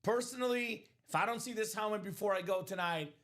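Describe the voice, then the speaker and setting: A man hosting a live sports memorabilia break stream, hyping items with energetic, joking sales patter in a streaming studio. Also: sits high, fairly quick. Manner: energetic hype, jokey, fillers. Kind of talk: upbeat sales patter and banter.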